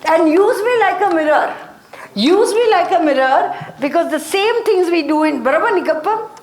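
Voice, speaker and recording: A woman's voice: extremely high pitch, expressive, moderate pace, darkish tone, a little hiss or hum. A woman leading a motivation training class, speaking in short repeated phrases and checking in with her listeners. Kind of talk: classroom lecture. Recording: echoey room.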